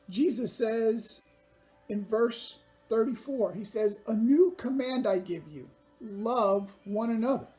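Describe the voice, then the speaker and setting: A woman gives a children's sermon in a friendly, direct way, as if speaking to kids at home. Her voice sits fairly high with a soft, mellow tone. Faint music plays behind her. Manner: upbeat, talks directly to kids.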